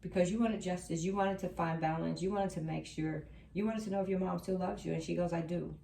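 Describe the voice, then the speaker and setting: A woman's voice: on the low side, steady tone, a little fast, creaky, warm tone, a little hiss or hum. A woman doing a tarot reading for viewers, reassuring and emphatic, repeating her key lines. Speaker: tarot reader. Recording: roomy sound from a distant mic.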